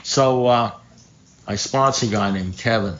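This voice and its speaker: An older man speaking at a recovery meeting, telling a story in an animated way, acting out phone calls, swearing and laughing at his own punchlines. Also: lowish voice, unhurried, dull audio, slight background noise. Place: meeting room.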